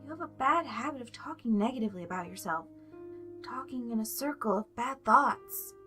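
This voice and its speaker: This is a gentle, motherly monster woman, played by a woman reading a fan story, with a soft voice pitched higher than the narration. She speaks formally and with steady concern, and her tone is bright. Faint music plays behind her. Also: moderate pace. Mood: caring. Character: gentle motherly female goat monster, caring.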